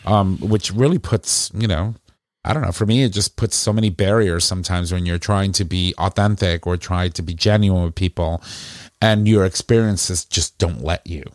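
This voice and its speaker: Low-voiced man musing in casual chat. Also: moderate pace, darkish tone, dry recording, studio quality. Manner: reflective, conversational. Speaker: podcast co-host.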